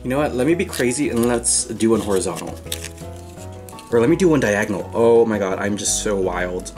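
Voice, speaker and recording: A young man talks through his day off in a casual vlog, cracking self-mocking jokes as he goes. His voice sits at an ordinary middle pitch. Clear background music plays under him the whole time. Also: lively intonation, fairly quick, darkish tone. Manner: self-mocking, joking asides to the viewers. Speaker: vlogger. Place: home kitchen. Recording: music playing behind the voice.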